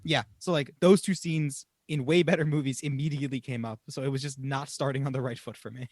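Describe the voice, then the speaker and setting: A young man co-hosting a casual movie podcast, animated and swearing, often laughing and mocking what he watched. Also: medium pitch, brisk, no room sound, studio quality. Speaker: podcast co-host. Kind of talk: casual film review chat.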